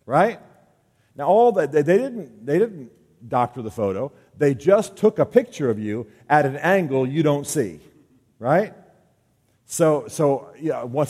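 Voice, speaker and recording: A man's voice: medium pitch, darkish tone. Man speaking in an echoing hall. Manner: conversational, joking, acts out quoted voices. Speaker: speaker at a men's gathering. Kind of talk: talk to a men's group. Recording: long hall reverb.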